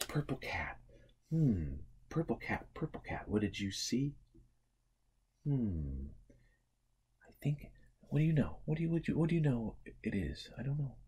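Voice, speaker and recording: A man teaching a remote preschool lesson, playful and animated, swinging from hushed to excited. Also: mid-range voice, normal speed, pauses often, slightly rough.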